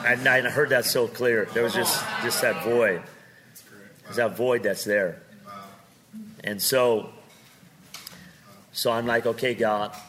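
A man preaching with comic storytelling, animated and joking, swinging from loud to quiet. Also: mid-range voice, takes it slowly, long pauses.

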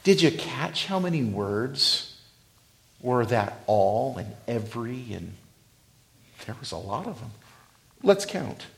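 A male pastor delivering a sermon in a dramatic style. His voice rises to loud emphasis, then drops to hushed, near-whispered lines, and he draws out scripture slowly for weight. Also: medium pitch, sing-song.

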